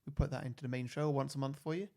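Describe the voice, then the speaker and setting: A man's voice: mid-range voice, steady tone, very fast, vocal fry, dark tone. A man hosting a film podcast, laid-back and laughing easily, chatting and plugging the show. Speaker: podcast host. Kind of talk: casual film chat and show plug.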